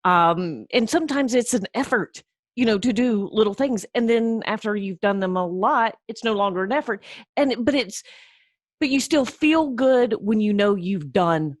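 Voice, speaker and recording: A woman's voice: mid-range voice, expressive, moderate pace, no echo, studio quality. A woman co-hosting a podcast, chatting in a loose, agreeable way. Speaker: podcast co-host. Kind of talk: casual podcast talk.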